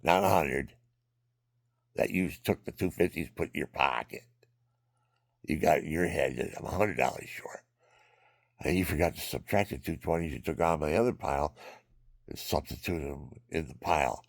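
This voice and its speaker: An older man telling a rambling personal story, often dropping into hushed whispers and repeating himself. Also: very deep voice, moderate pace, long pauses, no room sound, studio quality. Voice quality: gravelly. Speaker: vlogger.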